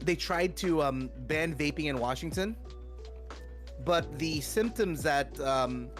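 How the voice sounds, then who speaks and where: Upbeat higher-voiced gamer guy. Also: takes it slowly, faint music behind. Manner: upbeat, hype, thanks viewers. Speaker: co-op player and streamer on voice chat. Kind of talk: casual voice chat.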